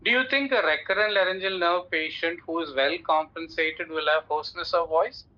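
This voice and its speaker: A man's voice: fairly high pitch, fairly quick. A man teaching a clinical case, instructive and repeating his points firmly. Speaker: oncology teacher. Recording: dull lo-fi sound.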